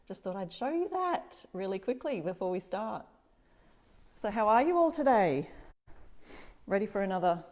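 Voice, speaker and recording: A middle-aged Australian woman runs a casual DIY live stream from her home workshop, chatting away and greeting viewers by name. She sounds a little stuffy and clears her throat, and her voice is fairly low with a darkish tone.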